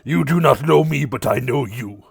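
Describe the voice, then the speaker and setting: A man voicing a small, spiky, muscular male creature messenger who speaks slow, broken English. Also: mid-range voice, expressive, gravelly, slightly rough, no room sound, full character voice. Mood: deliberate.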